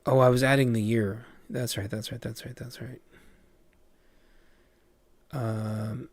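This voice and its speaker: Man, live streamer, slow drawl, dry close sound, distracted rambling. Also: mid-range voice, steady tone, no room sound. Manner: distracted, rambling, swears and mutters to himself. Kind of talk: casual live-stream chat.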